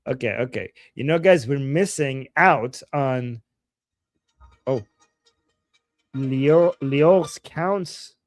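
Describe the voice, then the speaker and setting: A man from Iran, hosting a livestream and talking in a heated, profane way that often rises to shouting. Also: mid-range voice, drawn-out words, pauses often, dry recording. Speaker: host. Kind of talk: livestream commentary.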